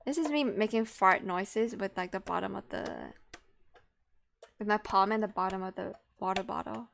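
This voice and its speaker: A woman's voice: mid-range voice, big pitch swings, normal speed, creaky, a bit bright, slight background noise. A young woman streaming live, chatting casually in a playful, giggly, self-mocking way.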